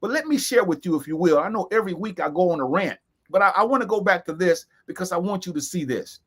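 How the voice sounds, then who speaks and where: An emphatic man in co-hosts a serious talk, voice pitched high. He drives points home by repeating key phrases slowly. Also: expressive, fairly bright tone, slightly rough. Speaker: co-host. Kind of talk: earnest discussion.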